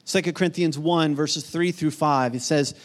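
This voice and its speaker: A middle-aged man preaching a sermon, earnest, swinging from emphatic peaks to soft, hushed storytelling. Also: fairly high pitch, steady tone, normal speed. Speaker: pastor.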